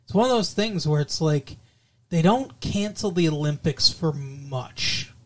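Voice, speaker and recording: A man co-hosting a casual podcast, talking in halting, stop-start phrases full of fillers, with a dry, sarcastic sense of humor. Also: on the high side, lively intonation. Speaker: podcast co-host.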